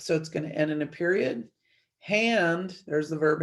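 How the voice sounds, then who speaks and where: A woman teacher giving an online grammar lesson from her desk, explaining each step clearly with light playful asides to her students. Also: low-pitched, normal speed. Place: at a desk, screen-sharing a worksheet.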